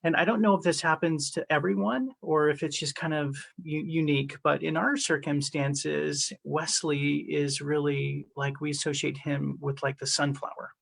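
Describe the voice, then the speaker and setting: A man with a slightly high but gravelly voice speaks as a guest in a relaxed podcast chat. He sounds measured and thoughtful. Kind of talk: casual podcast conversation.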